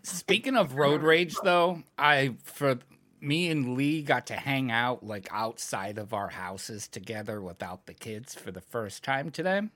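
A co-host from New England tells excitable stories in a casual chat, laughing and shouting out the punchlines. The voice is bright and swoops widely in pitch, recorded dry and close. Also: unhurried, no room sound.

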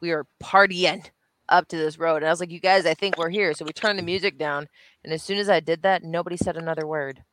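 A woman's voice: fairly low pitch, fairly even intonation, quick pace, a bit bright, a little hiss or hum. A woman talking in casual chat on a podcast, eager to jump in with her own stories. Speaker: podcast guest.

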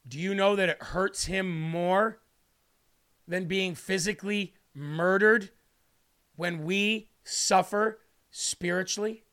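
A man's voice: high voice, slow, fairly bright tone. A man preaching an emotional livestream sermon, pleading and repeating questions for emphasis.

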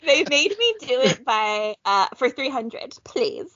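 Husky, lively woman playing a quiz. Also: high-pitched, slow pace, no room sound. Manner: competitive, outspoken, laughs often. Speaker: quiz contestant. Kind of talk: casual podcast chat. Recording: dull lo-fi audio.

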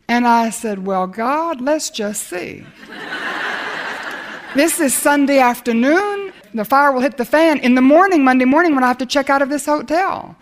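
Older woman, sermon storytelling, animated, acts out dialogue, slightly high voice. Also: measured pace. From America. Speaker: speaker telling a personal testimony.

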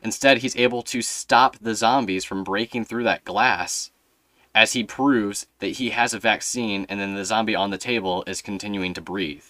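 A low-voiced young man with a bright, forceful tone talks through a casual podcast conversation. His storytelling rambles and runs on fillers, and the sound is dry and close. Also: steady tone, moderate pace, no echo. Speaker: podcast host.

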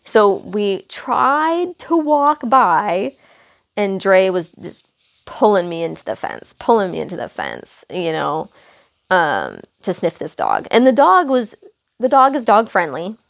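Rambling woman with a lively, gravelly voice. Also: mid-range voice, slow pace. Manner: rambling, self-correcting, lots of fillers and asides. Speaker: podcast host. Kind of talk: casual storytelling monologue.

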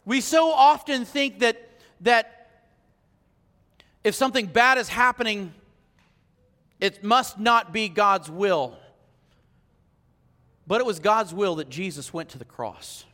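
A male pastor preaching a sermon in a church, moving between hushed reflection and fervent appeals. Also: high-pitched, lively intonation, slow pace, pauses often, big-room sound. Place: church sanctuary.

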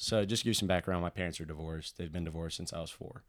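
A young man telling a painful personal story in a casual, halting way, full of restarts and fillers. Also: sits low, a bit bright. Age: young adult.

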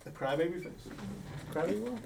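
A man's voice: high voice, lively intonation, fairly quick, gravelly, noisy background. Laughing man co-hosting a drinking podcast. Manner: loose, laughing banter with drinks. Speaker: podcast co-host. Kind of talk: casual chat on a live podcast.

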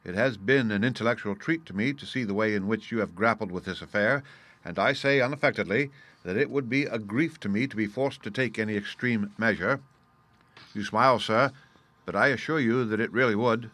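An adult man voicing a soft-spoken, precise and menacing older criminal mastermind in an audiobook reading. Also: on the low side, a little fast, no room sound.

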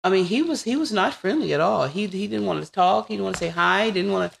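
A woman in her forties, a podcast guest, telling personal stories in a casual, animated way and acting out what people said. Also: medium pitch, fast talker, vocal fry, a little hiss or hum. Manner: animated, acts out quoted dialogue. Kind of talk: casual interview storytelling.

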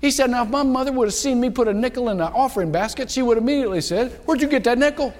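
A man preaching a sermon, telling a story with lively acted-out quotes in an animated storytelling manner. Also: very high-pitched, rapid-fire, big-room sound, a little hiss or hum. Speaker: pastor. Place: church sanctuary.

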